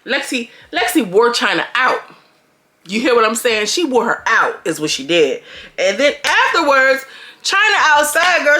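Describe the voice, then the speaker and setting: Young woman, chatty reality-TV recap, slightly high voice, laughs a lot. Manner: animated, gossipy, laughs often. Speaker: reality TV reviewer. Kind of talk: casual recap commentary.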